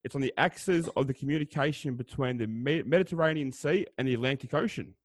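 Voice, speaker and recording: A man's voice: mid-range voice, fast talker, a little hiss or hum. A man co-hosting a podcast, teasing and chummy, reading out facts between banter. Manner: chummy, teasing, says "mate" often. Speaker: podcast co-host.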